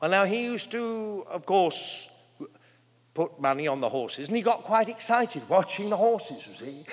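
An older man preaching a sermon, earnest and dramatic, with big swings in pitch and loudness as he tells stories. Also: lively intonation, normal speed. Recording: long hall reverb, dull lo-fi sound.

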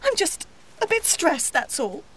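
A woman's voice: very high voice, sing-song, unhurried, fairly bright tone, a little hiss or hum, exaggerated voice. A woman playing a fussy, indecisive colleague in a comedy sketch, questioning and indignant. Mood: fretful.

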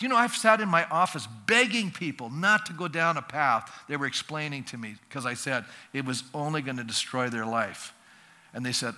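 A male pastor preaching a sermon in a lively, conversational way, acting out little dialogues for the congregation. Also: on the high side, normal speed. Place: church sanctuary. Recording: long reverb of a church hall.

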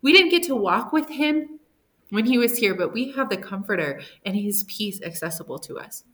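Woman, mid pitch, soft-spoken, affirming murmurs, lively paraphrasing of scripture in a casual chat. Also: normal speed. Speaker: bible study co-host. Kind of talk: casual bible study discussion.

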